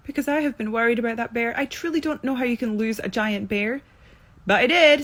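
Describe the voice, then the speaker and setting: A woman with a Scottish accent answering fan questions in a casual chat to her phone, sounding sleepy and low on energy, alone in a quarantine room. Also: fairly quick, fairly bright tone. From Scotland. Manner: chatty, tired, low energy. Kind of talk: casual Q&A to camera. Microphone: phone camera, self-recorded.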